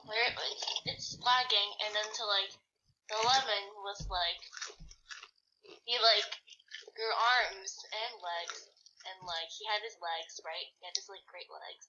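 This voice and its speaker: A woman's voice: medium pitch, fairly even intonation, measured pace, noisy background. A woman rambling through a silly story full of "like" fillers while drawing, over a dull lo-fi voice chat. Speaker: player in a group drawing game.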